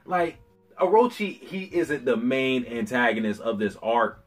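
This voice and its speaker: A man with a husky voice reviewing anime chapters in a casual vlog, animated, slangy and profane. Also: mid-range voice, unhurried, faint music behind.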